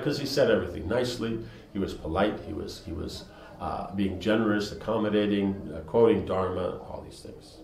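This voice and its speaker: A man's voice: lowish voice, brisk, vocal fry, darkish tone, reverberant, rough recording. A man reading a scripture story aloud and explaining it in a conversational way, with lots of fillers. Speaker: storyteller and teacher.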